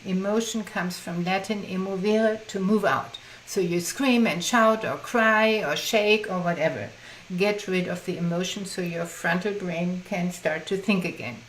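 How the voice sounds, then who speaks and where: A woman's voice: lowish voice, unhurried, few pauses. A woman teaching in her groups, interviewed while she tells a story in an earnest way, with many restarts. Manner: earnest, many restarts, acts out quoted speech. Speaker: guest, teacher of imagination groups. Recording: roomy echo, faint background noise.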